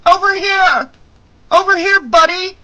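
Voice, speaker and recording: A man reading an audiobook, voicing a terrified teenage girl who is turning fierce, lifting his voice high for her. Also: slow, no echo, lo-fi sound, lightly acted. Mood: shouting. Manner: high, pleading then coaxing.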